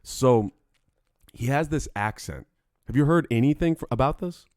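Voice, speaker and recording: A young man co-hosting a podcast in casual chat, telling stories in an animated, profane way. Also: medium pitch, moderate pace, no echo, studio quality. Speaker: podcast co-host.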